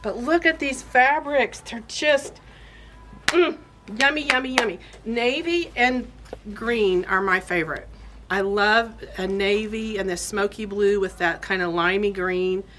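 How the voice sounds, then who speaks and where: A woman's voice: medium pitch, steady tone, a little slow, fairly bright tone, slight background noise. A woman hosting a casual product showcase in a fabric shop, chatty and gushing with enthusiasm. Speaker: quilt shop host.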